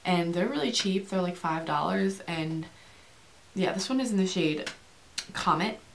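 A young woman chatting fast and rambling through a beauty product review, with many fillers and restarts, speaking to camera. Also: on the low side, gravelly, a little hiss or hum. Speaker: beauty vlogger.

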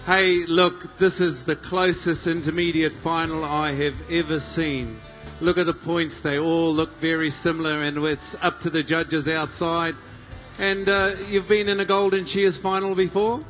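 A man's voice: level tone, a little slow, faint music behind. A man, working as a live event MC, rousing the crowd and joking with competitors. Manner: loud, jokey, booming crowd-rousing. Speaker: event MC and interviewer. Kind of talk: live arena announcing and interviews.

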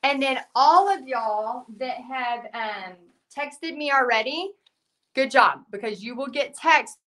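Woman, hoarse, chatty live-stream host, bright forceful tone, fairly high. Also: animated, slow. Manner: chatty, reads out viewer comments, many fillers. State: hoarse, losing her voice. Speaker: art teacher hosting a live stream. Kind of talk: casual live-stream chat.

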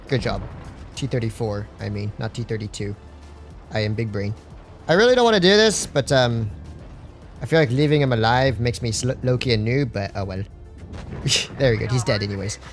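A young man doing live gameplay commentary on a stream, excitable and slangy, joking and talking to his chat. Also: medium pitch, moderate pace, pauses often, faint music behind.

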